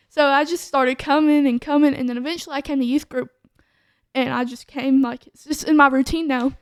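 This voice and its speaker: A woman's voice: high voice, no room sound, studio quality. A woman, a podcast co-host telling her testimony in a casual chat, full of "like" fillers.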